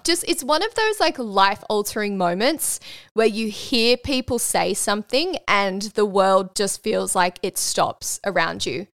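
Frank Australian woman, smooth and dry. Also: mid-range voice, dry recording. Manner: frank, animated, swears freely. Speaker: podcast host. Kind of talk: casual storytelling monologue.

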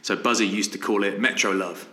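A man's voice: fairly low pitch, fairly even intonation, brisk, pushed and bright, reverberant. A man in his thirties, a podcast co-host, telling anecdotes in a casual chat and acting out his friends' lines. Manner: storytelling, laughs often, acts out quoted friends.

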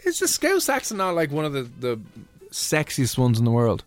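A man's voice: fairly high pitch, normal speed, faint music behind. A young Irish man hosting a radio show, chatting casually and teasing his co-host. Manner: teasing, playful, animated. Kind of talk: casual chat.

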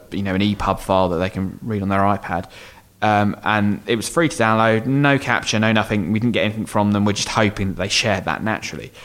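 Low-ish guy on a podcast, rambly, lots of ums, just chatting through advice. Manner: rambling, thinks aloud with many ums and restarts. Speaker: podcast co-host answering listener questions. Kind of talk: casual explanatory chat.

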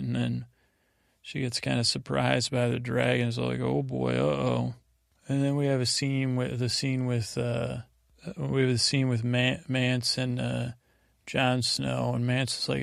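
A man's voice: mid-range voice, gravelly, no room sound, clean studio sound. A man hosting a sleep podcast, casually retelling TV scenes in a meandering, drowsy way. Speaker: podcast host. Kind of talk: rambling sleep podcast recap.

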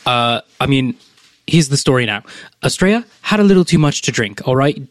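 A man's voice: medium pitch, lively intonation, normal speed, dry recording. A man playing a tabletop role-playing game, chatty and joking as he plans his character's moves. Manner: chatty, joking, thinks aloud. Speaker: player. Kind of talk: casual tabletop game play.

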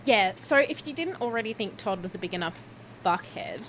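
A woman's voice: mid-range voice, animated, fairly quick, fairly bright tone, slight background noise. A woman co-hosting a podcast, giggly and teasing in casual chat. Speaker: podcast co-host. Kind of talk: casual chat recapping a reality show.

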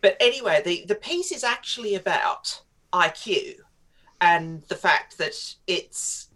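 Chatty low-voiced woman, digressive. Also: animated, measured pace, a bit bright. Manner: chatty, digressive, laughs often. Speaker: guest writer. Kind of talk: radio talk interview.

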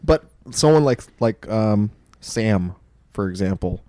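A man hosting a podcast in casual chat, talking fast with profane, joking banter. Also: on the low side, animated, warm tone, dry recording, clean studio sound. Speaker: podcast host.

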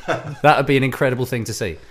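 A man's voice: medium pitch, fast talker. A man co-hosting a casual comedy podcast, telling stories, laughing often and acting out other people's lines. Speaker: podcast co-host.

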